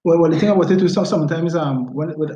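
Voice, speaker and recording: Very deep, mellow Trinidadian woman. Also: fast talker, roomy sound, dull audio, a little hiss or hum. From Trinidad and Tobago. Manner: thoughtful, hesitant with fillers. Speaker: podcast co-host. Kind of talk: casual book review chat.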